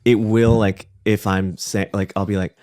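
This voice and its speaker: Animated low-voiced male comedian guest. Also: moderate pace, dry recording, studio quality. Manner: animated, camp storytelling. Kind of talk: casual chat.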